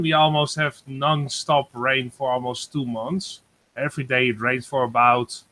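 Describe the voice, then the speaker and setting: Bright-voiced man, halting weather talk. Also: medium pitch, no room sound. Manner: hesitant, many uh pauses. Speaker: guest giving a weather report. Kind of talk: casual group video call. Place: home in Germany. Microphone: video call.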